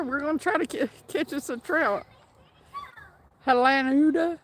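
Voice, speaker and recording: A woman's voice: high voice, measured pace, slight background noise. A woman hosting a fishing livestream outdoors by a stream, chatting casually, laughing often and reading out viewer names. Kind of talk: casual live-stream chat. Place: outdoors by a fast trout stream.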